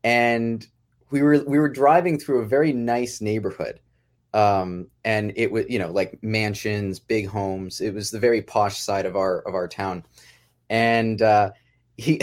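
A man's voice: on the low side, unhurried. A man who writes and directs a podcast sitcom, talking casually in a rambling way, often breaking off mid-phrase and chuckling.

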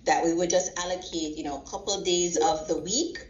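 A woman being interviewed as a proud parent, telling stories in a lively way and acting out the quoted lines. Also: on the low side, fairly quick. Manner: animated storyteller acting out quotes. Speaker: guest parent. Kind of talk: casual interview. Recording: roomy, slightly dull sound.

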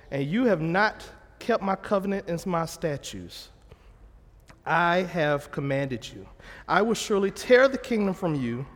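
A man's voice: high-pitched, long reverb tail. A man preaching a sermon, retelling scripture in a plain, conversational way and correcting himself as he goes. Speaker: pastor.

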